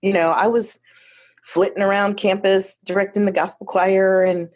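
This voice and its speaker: A woman in her fifties from Detroit, a guest telling her life story in a lively, chatty way with many asides. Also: medium pitch, moderate pace. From Detroit, USA. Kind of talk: casual storytelling conversation.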